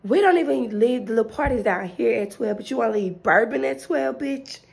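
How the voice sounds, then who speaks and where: A woman's voice: a little high, animated, fairly quick, gravelly, darkish tone, roomy sound, low-quality recording. A young woman, chatting bluntly and profanely to her vlog viewers about her acting homework. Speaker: vlogger and acting student. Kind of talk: casual vlog chat. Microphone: phone camera.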